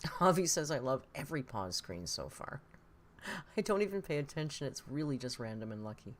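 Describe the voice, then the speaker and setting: A woman's voice: a bass voice, very animated, normal speed. A woman giving casual, sarcastic reaction commentary, blunt and swearing, answering viewers' comments as she goes. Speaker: commentary YouTuber.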